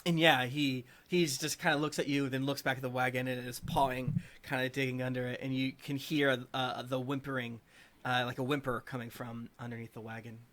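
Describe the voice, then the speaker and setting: A man's voice: mid-range voice, flat delivery, fairly quick, fairly bright tone. A man running a tabletop game as dungeon master, narrating playfully with lots of fillers. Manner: playful, rambling, with many fillers.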